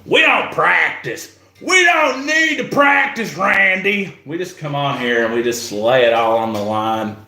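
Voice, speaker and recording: A man's voice: on the high side, animated, unhurried, gravelly, bright, forceful tone, reverberant. A man chatting casually on a live stream, greeting viewers by name in a laid-back way. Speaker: live stream host and musician.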